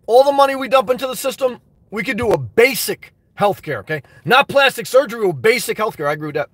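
A man's voice: extremely high pitch, a bit bright, no room sound. A man hosting a live stream, reading viewer comments and giving emphatic, fired-up advice. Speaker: YouTube live stream host.

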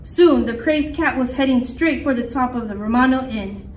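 Storybook reader, woman, high voice, lively, echoey room recorded from afar. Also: normal speed. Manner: lively expressive reading. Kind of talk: reading a picture book aloud. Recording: echoey room, mic far off, faint noise.

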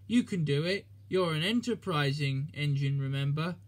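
A man reading a storybook, voicing a calm, encouraging male engine driver with a steady, reassuring manner. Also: a little high, moderate pace, natural voice.

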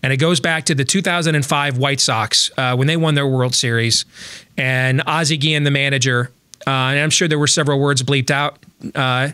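A man's voice: medium pitch, sharp tone, no room sound. A man hosting a sports talk show, chatting casually about baseball with lots of fillers and restarts.

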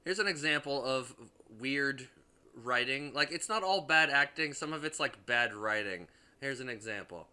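A young man rambles through a casual movie review, swearing freely and tripping over restarts and fillers. His voice is very bright, with a smooth, clean tone. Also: medium pitch, animated, normal speed.

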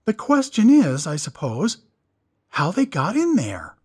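A man voicing a scheming scholar who is politely, smoothly mocking. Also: high-pitched, huge pitch swings, measured pace, a little mellow, pitched above the performer's own voice, heavily acted. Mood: mock sympathy. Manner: mock-courteous, smoothly ironic.

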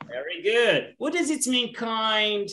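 A woman's voice: a little high, sing-song, fairly bright tone, a little hiss or hum. Patient woman teaching English. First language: Arabic. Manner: patient, repeats words slowly, switches to Arabic to explain. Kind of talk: online class teaching. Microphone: video call.

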